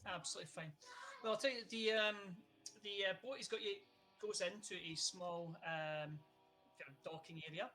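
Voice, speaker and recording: A game master narrating a tabletop role-playing game in halting, filler-heavy speech. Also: medium pitch, sharp tone, soft background music.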